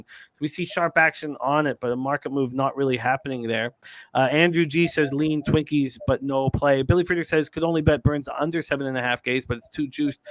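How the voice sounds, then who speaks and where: A man's voice: fairly high pitch, dry recording. A man hosting a live sports betting show, reading stats and chat comments with frequent fillers.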